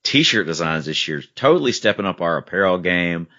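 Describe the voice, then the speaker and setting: Deep-voiced man hosting a casual podcast. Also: big pitch swings, normal speed, pushed and bright. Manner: upbeat, stumbling over words. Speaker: podcast host. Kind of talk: casual chat. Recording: dull lo-fi podcast audio.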